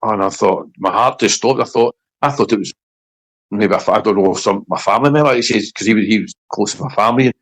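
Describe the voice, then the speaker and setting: A middle-aged Scottish man, a former footballer, telling a story in casual interview chat, halting and repeating words as he gets emotional. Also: fairly low pitch, rough recording. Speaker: former footballer, podcast guest.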